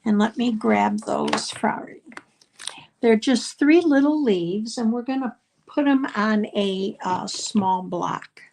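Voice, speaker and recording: Slow-talking woman teaching card-making. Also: a little high, creaky, a little mellow. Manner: chatty step-by-step explaining with frequent ums. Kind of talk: live crafting class demonstration.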